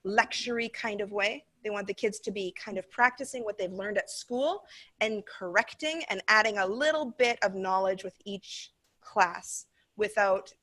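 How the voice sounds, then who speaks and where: A woman's voice: medium pitch, moderate pace, pushed and bright. An American woman training teachers, explaining casually with fillers as she walks through a class recording. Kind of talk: casual training talk over a video.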